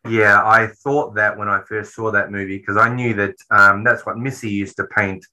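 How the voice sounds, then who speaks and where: A man with a low-pitched voice and a very bright, sharp edge to it, chatting casually about a film. He rambles, restarts his sentences and swears freely. He comes across as a podcast co-host. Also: flat delivery, moderate pace, rough recording. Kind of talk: casual film recap chat.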